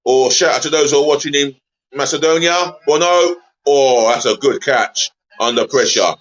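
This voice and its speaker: A man hosts a live football watch-along stream, chatty and quick to get exasperated, giving shout-outs to viewers. His voice is mid-range at normal speed, and the audio is dull.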